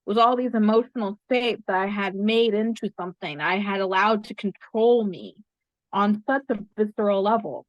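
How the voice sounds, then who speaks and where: A woman's voice: fairly high pitch, normal speed, no room sound. A woman guest in an interview, earnestly recounting a spiritual experience and repeating phrases for emphasis. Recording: dry, slightly muffled sound.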